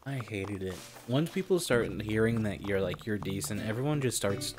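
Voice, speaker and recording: A man's voice: lowish voice, animated, normal speed. A young man telling a story from his old job while streaming a game, rambling, swearing a lot and repeating himself. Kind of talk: casual storytelling while gaming. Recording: loud background music.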